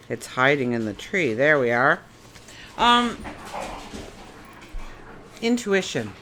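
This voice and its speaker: Lively-voiced woman giving a tarot reading. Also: very deep voice, takes it slowly, a little hiss or hum. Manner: chatty, asks many rhetorical questions. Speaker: tarot reader. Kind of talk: casual daily tarot reading.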